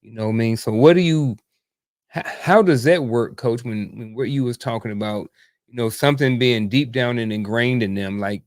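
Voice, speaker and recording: A man's voice: medium pitch, normal speed, no echo, studio quality. A man from Virginia putting a long, rambling question to a coach in a casual discussion. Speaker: participant asking the coach.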